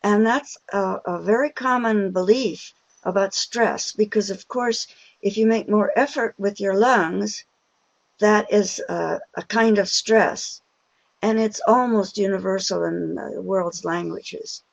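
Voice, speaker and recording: An older woman teaches pronunciation in an unhurried, deliberate way, drawing out stressed vowels to show them. Her voice carries a gravelly edge. The sound is dry and close, straight into the mic. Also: mid-range voice, no echo. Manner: patient and encouraging with the audience. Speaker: pronunciation teacher giving a webinar. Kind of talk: slow, deliberate lecture.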